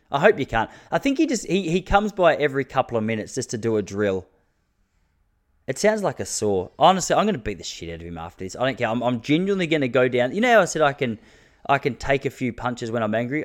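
A man's voice: medium pitch, very animated, fast talker. An Australian man in his thirties hosts his own podcast alone. He talks casually and rambles from story to story. He jokes a lot and slips into mock rants. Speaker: podcast host. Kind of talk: casual solo podcast chat.

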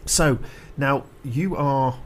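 A man hosting a casual radio-style chat, relaxed and talkative, with fillers as he links segments. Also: mid-range voice, very slow, slight background noise. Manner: relaxed, chatty, hesitant fillers. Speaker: host.

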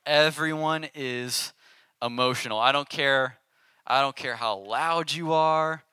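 A young man giving a casual, animated sermon to a youth group, with call-and-response. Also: mid-range voice, slow, clean tone, no room sound. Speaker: youth pastor.

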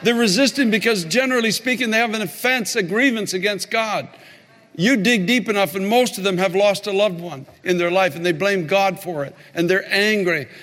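Male pastor, high voice, animated sermon storyteller who repeats lines for emphasis, long reverb of a church hall. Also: moderate pace.

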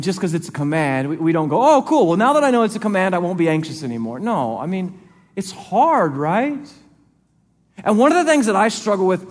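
High-voiced pastor preaching in a hall. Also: male voice. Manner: conversational preaching, acts out quoted voices. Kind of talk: sermon. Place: church sanctuary.

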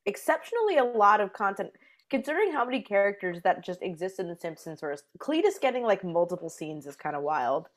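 A woman's voice: mid-range voice, big pitch swings, fairly quick. A woman co-hosting a podcast, giving blunt, opinionated takes on a movie. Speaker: podcast co-host. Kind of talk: casual movie discussion.

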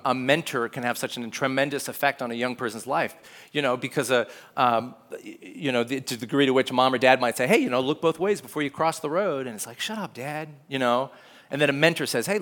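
A man's voice: high voice, fairly bright tone. A man in his thirties preaching a conversational sermon, acting out quoted voices with lots of fillers. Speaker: pastor.

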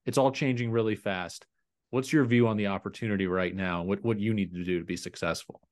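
A man's voice: lowish voice, steady tone, a little fast, a little mellow. Male podcast host asking probing questions. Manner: probing, conversational, filler-heavy. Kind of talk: interview questions.

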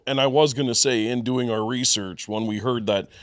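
A man's voice: medium pitch, steady tone, moderate pace, no echo. A man co-hosting a podcast who chats in an enthusiastic, casual way, using slang. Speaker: podcast co-host.

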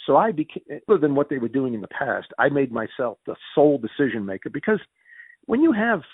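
A gravelly male interviewee with a Northeastern US Yankee accent, a former mayor and finance executive, tells stories animatedly in conversation. He's fast and excitable, restarts sentences and acts out quoted dialogue with big pitch jumps. The sound is tinny, phone-like and dry with no echo.

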